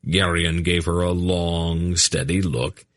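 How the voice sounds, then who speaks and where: A man narrating a fantasy audiobook in measured, even storytelling. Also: sits low, dry recording, clean studio sound. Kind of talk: scripted narration.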